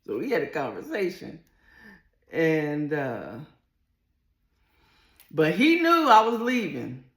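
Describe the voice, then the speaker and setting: A woman's voice: deep voice, very animated, slow pace. A middle-aged woman, telling a personal story to camera in a candid, earthy, blunt way. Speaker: vlogger. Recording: echoey room.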